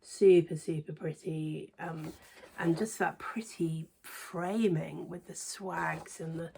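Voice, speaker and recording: A woman reviewing cross stitch books in a casual, hesitant way, trailing into quiet near-whispered asides. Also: low-pitched, fairly even intonation, slow pace, creaky, slight background noise. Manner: chatty, hesitant with many ums, softens to near-whisper asides. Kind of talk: casual show-and-tell review.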